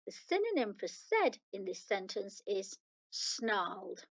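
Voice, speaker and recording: A woman with a British accent teaches young children in a recorded lesson. She reads each example slowly and patiently. Her mid-pitched voice carries a gravelly edge. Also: sing-song, low-quality recording. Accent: British English. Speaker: primary school teacher.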